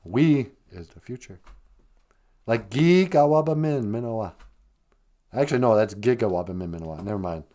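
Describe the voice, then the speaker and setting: A man hosting a morning radio show, explaining words in an easygoing, teasing way, often trailing off into low, soft asides. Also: expressive, moderate pace, pauses often. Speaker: radio host teaching Ojibwe words. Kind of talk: joking morning radio chat.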